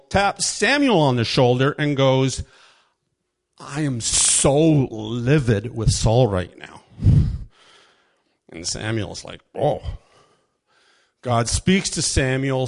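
Male preacher, casual sermon, animated storytelling, mid-pitched voice. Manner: animated storytelling with quick voiced asides and laughs.

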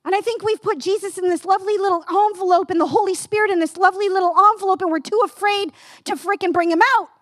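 A woman in her fifties preaching a sermon with passion, asking the listeners direct questions and rising to near-yelling. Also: very high-pitched, steady tone, fast, dry recording, clean studio sound. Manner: asks the audience direct questions.

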